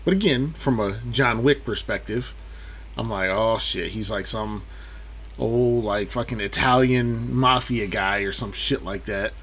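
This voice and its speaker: Slow, halting man chatting about a movie. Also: lowish voice, a bit bright, husky. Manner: slow, hesitant, many fillers. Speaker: podcast co-host. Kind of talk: casual movie discussion.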